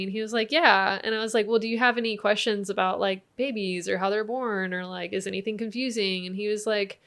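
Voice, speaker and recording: A woman's voice: mid-range voice, steady tone, brisk, fairly bright tone. A woman in her thirties with an American accent, a podcast guest telling a family story in casual chat, acting out the quotes and laughing often. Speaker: podcast guest, tantra teacher.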